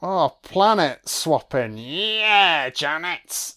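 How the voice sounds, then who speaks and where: A man giving an audio-only film commentary, reacting with profane, excitable remarks. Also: on the high side, drawn-out words, few pauses, clear, resonant tone.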